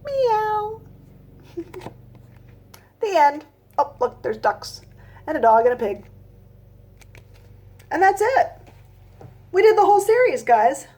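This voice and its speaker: A young woman teaching a phonics lesson to small children, reading aloud gently and speaking straight to her listeners. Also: high voice, very animated, measured pace, long pauses. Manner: gentle, talks directly to young listeners, sings snatches of nursery songs.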